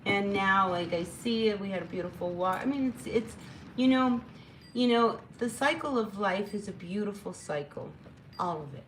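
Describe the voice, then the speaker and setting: Brief: woman tarot reader, mid-pitched, talking casually and warmly to her viewers. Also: lively intonation, normal speed, slight background noise, low-quality recording. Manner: chatty, rambling, encouraging, with frequent fillers. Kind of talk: casual spoken tarot reading.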